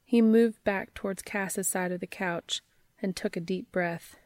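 A woman reading a story aloud in a soft, measured way. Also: mid-range voice, steady tone, no room sound. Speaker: narrator.

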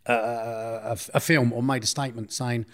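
A man's voice: medium pitch, fairly even intonation, moderate pace, fairly bright tone. A middle-aged man, telling his story in an interview in a blunt, rambling way, often correcting himself. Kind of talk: casual storytelling.

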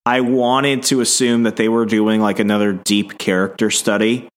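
A man's voice: fairly low pitch, little pitch movement, moderate pace. A man co-hosting a podcast in casual chat, joking and often stumbling into restarts. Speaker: podcast co-host.

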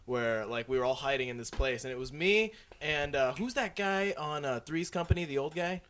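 A man's voice: a little high, fairly quick, a bit bright, clear, resonant tone. A man co-hosting a podcast, telling a dream story in a loose, casual way.

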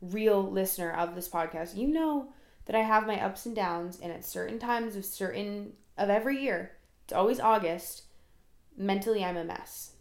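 A woman's voice: mid-range voice, moderate pace, vocal fry, reverberant. Chatty rambling young woman podcaster. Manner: rambling, chatty, self-deprecating. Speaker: podcast host. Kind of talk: casual solo podcast monologue.

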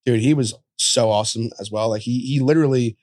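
In clean studio sound with no echo, a young podcast guest with a mid-range, darkish voice chats casually. He rattles off rambling stories rapidly, full of fillers and curse words.

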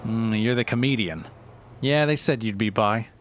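A man voicing a brash, broke single mother who is blunt and sharp-tongued, in a comedy sketch. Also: on the low side, moderate pace, slight background noise, natural voice.

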